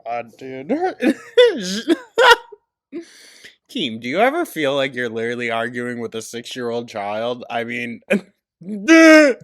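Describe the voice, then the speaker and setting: A woman's voice: rumbling low, huge pitch swings, slow. A woman hosting a reaction commentary, mocking and sarcastic, swearing and laughing often. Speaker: commentary host. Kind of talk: reaction commentary over a stream clip.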